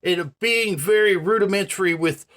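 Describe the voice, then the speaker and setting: A man's voice: sits high, moderate pace, fairly bright tone. A man telling viewers a story to camera in a casual, profane, ranting way. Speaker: vlogger.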